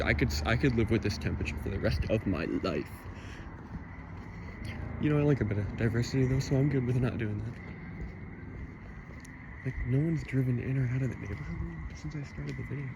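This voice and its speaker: A man's voice: mid-range voice, gravelly. A man vlogging while walking outside at night, chatting in a rambling, mildly spooked way. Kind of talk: casual vlog narration. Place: outdoors at night in a foggy neighborhood. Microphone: handheld camera mic. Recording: noisy outdoor camera audio. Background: night sounds and distant cars.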